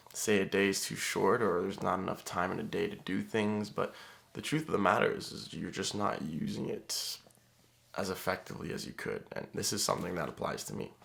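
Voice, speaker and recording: A man's voice: sits low, creaky. A young man talking casually to the camera in a rambling vlog, with lots of fillers. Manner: relaxed, rambling, frequent fillers.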